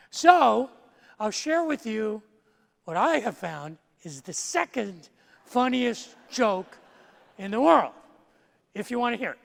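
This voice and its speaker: Joking pastor with a gravelly edge. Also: male voice, high-pitched, big pitch swings, takes it slowly, long pauses. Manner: playful, self-mocking joke-telling. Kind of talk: sermon. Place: large church sanctuary. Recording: long church-hall reverb.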